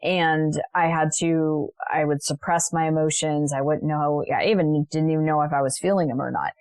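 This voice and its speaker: A woman's voice: low voice, steady tone, moderate pace, a little mellow, clear, resonant tone, no echo. A middle-aged woman, a coach as podcast guest, telling stories in an earnest, reflective way. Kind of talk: podcast interview.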